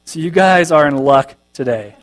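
A man preaches to his congregation in a relaxed, conversational way, reading passages aloud and joking at his own expense. His voice sits a little higher than most men's. A faint electrical hum runs under the recording. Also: moderate pace. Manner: conversational, self-deprecating humor, reads scripture aloud. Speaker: pastor. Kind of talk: sermon.

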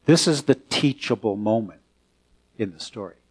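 A pastor preaching a conversational sermon in a church, turning to the congregation with questions. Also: male voice, on the low side, animated, normal speed, a little mellow, breathy edge.

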